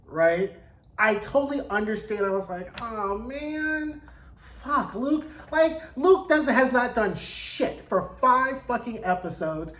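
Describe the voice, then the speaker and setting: A man giving a casual, profane TV episode recap, animated and acting out the characters in quick quoted voices. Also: high voice, roomy sound. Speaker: TV recap host.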